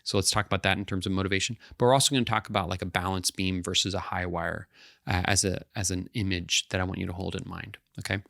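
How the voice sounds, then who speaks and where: Low gravelly male counselor explaining. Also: steady tone, quick pace, a bit bright, no echo, clean studio sound. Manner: explanatory, often checks in with "right?" and "okay". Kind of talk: educational talk to camera.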